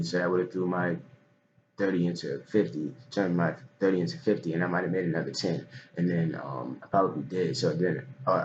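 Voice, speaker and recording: A man, vlogging a loose, candid monologue that swings from quiet mumbling to loud animated outbursts. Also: low-pitched, dull audio, a little hiss or hum. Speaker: vlogger recapping a trading day. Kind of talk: rambling monologue to camera.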